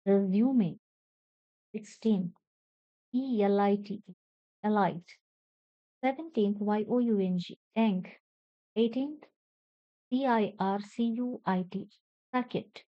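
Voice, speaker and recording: Woman, Indian English accent, pronunciation teacher, spells words letter by letter, unhurried, dull dry lo-fi sound. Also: medium pitch, no echo. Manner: spells words out letter by letter, then repeats them carefully. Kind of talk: pronunciation lesson. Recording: slightly dull, dry lo-fi recording.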